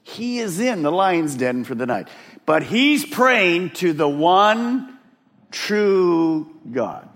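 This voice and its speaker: A man preaching a sermon and talking straight to his congregation. He is animated and drops to a hush for emphasis. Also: high voice, takes it slowly. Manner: addresses the congregation directly. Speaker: pastor. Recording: long reverb of a large hall.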